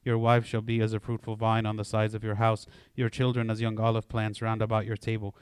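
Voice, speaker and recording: A man leading liturgical prayers in a steady, even recitation, with short chanted responses. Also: on the low side, brisk, clean tone, no room sound, studio quality. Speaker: prayer leader.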